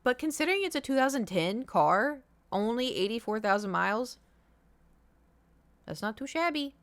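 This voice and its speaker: A woman's voice: a little high, very animated, normal speed, no echo. A young woman streaming live, talking casually and rambling through a story with lots of filler words. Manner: rambling and chatty, with many fillers. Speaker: livestreamer.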